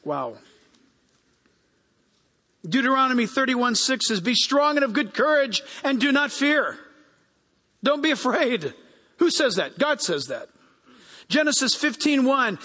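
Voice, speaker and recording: A man preaching a sermon as pastor, animated and acting out the people he quotes. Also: sits high, moderate pace, pauses often. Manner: animated, acts out quoted people in raised voices. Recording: long hall reverb.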